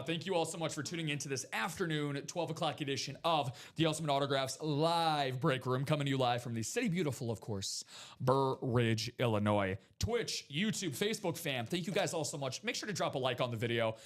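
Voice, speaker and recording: A man's voice: on the high side, animated, fairly quick. A man hosting a live autograph break stream, chatty and hyped, joking with his co-host. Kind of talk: upbeat live-stream sales patter. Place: studio break room.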